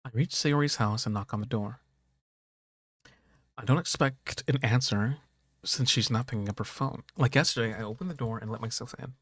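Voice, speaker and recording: A man streaming a game, reading its dialogue aloud and breaking off into excitable, profane reactions. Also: mid-range voice, moderate pace, dry recording, clean studio sound.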